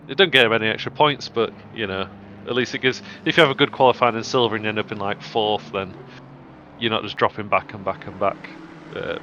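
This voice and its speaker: A man co-commentating on a live race stream, explaining things in a measured, slightly halting way. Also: on the low side, lo-fi sound, noisy background.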